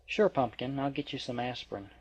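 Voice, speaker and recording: A man's voice: mid-range voice, brisk, dry recording, close to an everyday voice. A man reading as a soothing mother. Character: caring mother, soothing and protective. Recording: dry, dull lo-fi.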